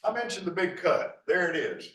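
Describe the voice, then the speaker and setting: A man's voice: sits high, sing-song, moderate pace, fairly bright tone. A middle-aged man giving a rambling, folksy local history talk over slides. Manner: folksy, rambling, full of 'uh' restarts. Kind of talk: slide lecture with asides. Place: lecture hall. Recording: echoey hall from far off.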